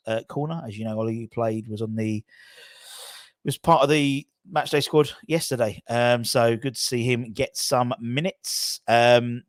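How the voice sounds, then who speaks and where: Male football channel host, casual rambling commentary, average pitch, dry close sound. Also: no room sound. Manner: rambling, self-correcting, chatty.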